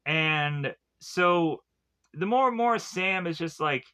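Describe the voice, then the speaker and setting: A man with a fairly high, bright, edgy voice talks through a movie's plot in a loose, rambling way. He leans on filler words and restarts as he retells scene after scene. It sounds unscripted and casual. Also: animated, takes it slowly, clear, resonant tone. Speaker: film reviewer. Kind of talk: casual spoken film review retelling the plot.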